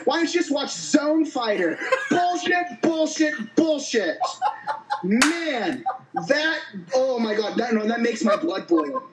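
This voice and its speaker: A man on a podcast delivering a furious, profanity-packed comedic rant, often shouting. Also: very high-pitched. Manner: angry, swearing, shouting. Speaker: podcast co-host. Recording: roomy echo.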